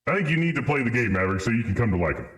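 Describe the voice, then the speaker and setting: A man's voice: mid-range voice, big pitch swings, rapid-fire, fairly bright tone. A man streaming a game live, bantering playfully with chat and laughing often. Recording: roomy echo with music behind.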